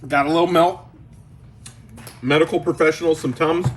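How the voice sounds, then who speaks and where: A slightly high male voice with fairly even intonation and a moderate pace, plus a little hiss or hum. He's the host of a card collecting channel, tasting jerky at home and reviewing it casually, enthusiastic and talkative, with exclamations as he chews.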